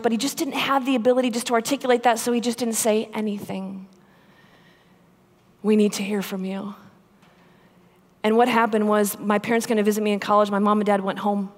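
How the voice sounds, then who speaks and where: A woman speaking at a mid pitch, telling her story to a conference crowd in an earnest, chatty way, often checking in with "right?" and "you know." She gets intense and emphatic when a point matters to her. Her voice rings out with a long reverb through a large hall. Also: little pitch movement, brisk, long pauses. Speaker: Catholic religious sister speaking at a conference. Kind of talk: personal testimony talk to a live audience. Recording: echoey hall sound.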